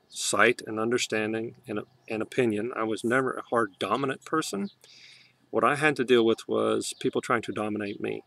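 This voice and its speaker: A man talking to his camera in a heartfelt spiritual monologue, soft and emotional, often halting and restarting. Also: on the low side, gravelly. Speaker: vlogger.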